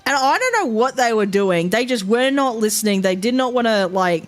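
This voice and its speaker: A young woman streamer tells a long story in a fairly high, expressive voice at normal speed. Her casual storytelling rambles, packed with fillers and quoted asides.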